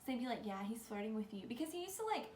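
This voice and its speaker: A young woman chats through a storytime in a rambling, animated way, stacking up "like" as she goes. Her voice sits a touch high. She sounds a little roomy and echoey, with a faint hum of ambience behind her. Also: very fast. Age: young adult. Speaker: vlogger. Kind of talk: casual storytime. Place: bedroom.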